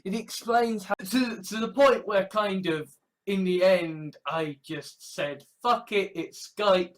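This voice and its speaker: Brief: man, fairly high-pitched voice, profane exasperated vlog rants. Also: steady tone, slow. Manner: heavy swearing, exasperated rants. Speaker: vlogger. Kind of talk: ranting monologue.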